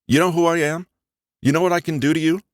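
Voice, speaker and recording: A man's voice: on the high side, fairly even intonation, fast, no echo, pitched above the performer's own voice, close to an everyday voice. A male audiobook narrator voicing a boastful young man who talks in a brash, swaggering, mock-tough way. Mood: cocky.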